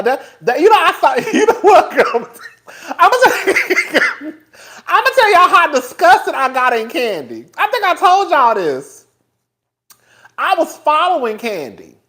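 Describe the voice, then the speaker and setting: A man hosting a casual live-stream commentary, chatty and profane, laughing often and talking straight to his viewers. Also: very high voice. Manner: animated, profane, laughs often between remarks; chatty, talks straight to viewers as "girl" and "y'all". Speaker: host.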